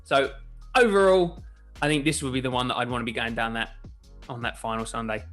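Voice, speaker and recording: A man's voice: mid-range voice, steady tone, fairly quick, fairly bright tone, soft background music. Chatty man hosting a golf shoe review. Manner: chatty, self-correcting, jokey. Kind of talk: casual chat.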